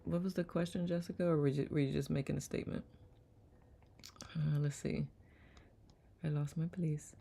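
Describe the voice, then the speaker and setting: A woman's voice: low voice, fairly even intonation, moderate pace, gravelly, pauses often, dark tone. A woman hosting a live online circle, reading comments aloud in a playful manner and laughing often. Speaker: host of online community circle. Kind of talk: casual live-stream chat reading comments.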